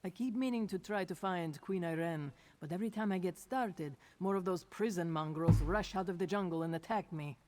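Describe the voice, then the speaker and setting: A woman acts out a brawling cat-folk warrior in a video game, growling and blunt as she sniffs out a trail. Her voice sits on the low side, with a faint hiss of noise in the background. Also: moderate pace, few pauses, a little mellow, natural voice. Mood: gruff. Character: tough feline warrior woman, fight-loving and hungry. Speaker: game character.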